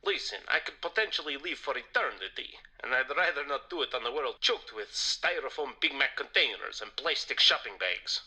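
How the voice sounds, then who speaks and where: A man's voice: mid-range voice, expressive, brisk, few pauses, sharp tone, husky, full character voice. An actor voicing a smug male vampire who lectures about the environment in a theatrical manner. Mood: lecturing. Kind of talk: video game voice acting.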